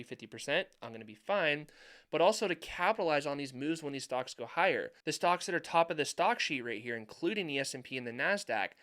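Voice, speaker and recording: A man's voice: fairly high pitch, fairly bright tone. A young adult man giving market commentary over charts, emphatic and repeating points for stress. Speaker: finance YouTuber.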